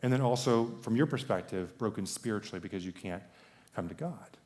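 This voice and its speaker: Male pastor, sermon, chatty and joking, lowish voice. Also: brisk, darkish tone. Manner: conversational, joking preaching.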